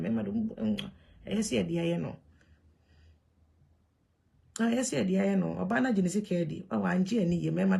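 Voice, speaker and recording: Ghanaian woman vlogging, gravelly and husky, talks animated and emphatic. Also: fairly low pitch. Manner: mixes Twi and English, animated and emphatic. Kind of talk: casual monologue to camera.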